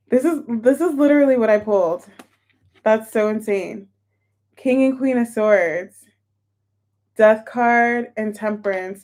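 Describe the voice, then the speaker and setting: A woman's voice: mid-range voice, darkish tone. A woman reading tarot cards for viewers in a chatty, emotional, exclamatory way. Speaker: tarot reader.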